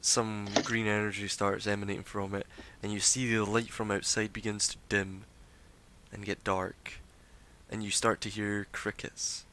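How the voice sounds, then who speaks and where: Low-voiced man narrating a tabletop game. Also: measured pace, slight background noise, poor audio. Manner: relaxed, descriptive narration with fillers. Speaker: game master.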